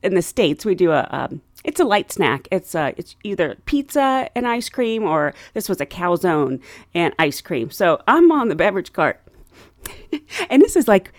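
Lively woman telling a funny work story. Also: dry recording, clean studio sound. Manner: lively, laughing, acts out passengers in loud high voices. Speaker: flight attendant telling stories. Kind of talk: casual storytelling.

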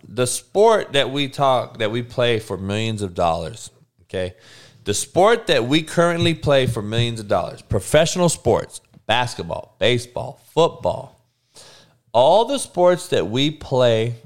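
A man hosting a sports podcast, ranting bluntly and profanely while talking back to his live chat. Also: mid-range voice. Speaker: podcast host. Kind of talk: casual sports rant.

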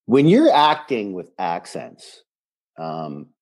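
Man, middle-aged, lively pitch, podcast co-host, acts out lines from scenes. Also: takes it slowly. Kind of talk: casual rewatch chat.

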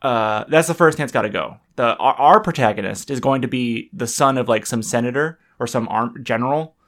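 A man's voice: mid-range voice, brisk, a bit bright. A young man hosting a casual podcast, who rambles, interrupts himself and laughs often. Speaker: podcast host.

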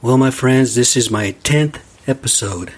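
A man's voice: medium pitch, a little slow, a little mellow. A man hosting a solo podcast and rambling into a profane, ranting monologue. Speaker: podcast host.

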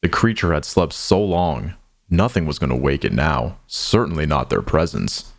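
Deep-voiced man narrating a somber tale. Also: expressive, creaky. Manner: measured, somber storytelling. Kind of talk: scripted drama narration.

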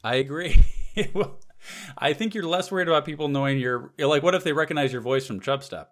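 A man's voice: a little high, fairly quick, a bit bright. A man co-hosting a podcast in casual comedic chat, riffing on ideas and laughing often. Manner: playful, laughs often, riffs on bits. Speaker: podcast co-host.

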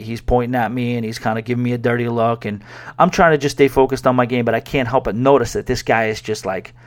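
Male podcast host from New York, middle-pitched, casual rambling storyteller with plenty of fillers. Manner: rambling, conversational, many fillers. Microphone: podcast microphone.

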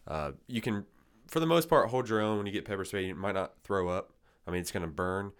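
Deep-voiced laid-back man. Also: brisk, clean tone. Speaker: podcast guest, military member. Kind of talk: casual chat.

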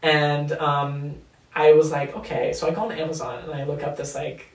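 A man's voice: a little high, little pitch movement, normal speed, slight background noise. Young man guest, casual, cursing, roomy sound with a distant mic. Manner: loose, profane, hesitant with fillers. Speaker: podcast guest. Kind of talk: casual storytelling chat.

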